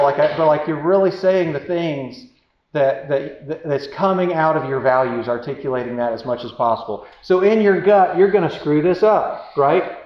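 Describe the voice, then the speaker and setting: A man giving relationship advice through a casual, candid story, self-deprecating and rambling with many fillers. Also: fairly high pitch. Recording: roomy, dull sound with faint noise.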